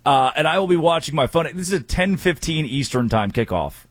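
Husky-voiced male sports talk host. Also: on the high side, fairly quick, no room sound. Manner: energetic, opinionated betting picks. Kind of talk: sports talk radio banter.

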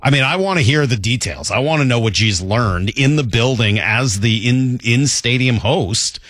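A man's voice: mid-range voice, lively intonation, moderate pace, a bit bright, no room sound, clean studio sound. A man co-hosting a sports radio show, chatting casually and joking, sometimes defensive.

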